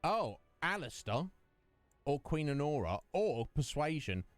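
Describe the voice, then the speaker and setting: A male streamer chatting casually over gameplay, rambling and joking with his viewers. His voice is smooth and clear, with lively pitch, recorded close and dry. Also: measured pace, no echo, faint music behind. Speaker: streamer and host.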